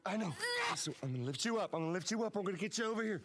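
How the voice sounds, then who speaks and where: A man's voice: high voice, animated, very fast, heavy background noise, pitched above the performer's own voice. An actor playing a desperate father who sobs and pleads as he holds his hurt daughter. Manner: pleading, sobbing. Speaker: game character. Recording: game audio with loud music.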